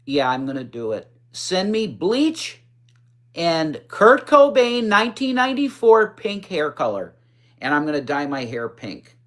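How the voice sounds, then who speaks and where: A man hosting a casual livestream, chatting with viewers and reading comments in a blunt, profane, rambling way. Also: measured pace. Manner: blunt, profane, chatty, swings up in pitch when excited. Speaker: livestream host. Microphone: phone.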